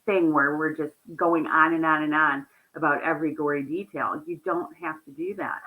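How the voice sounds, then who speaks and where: A woman counselor, a guest in an interview, telling animated stories about her clients, often laughing and quoting their words. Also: sits low, phone-quality sound. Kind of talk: conversational interview storytelling.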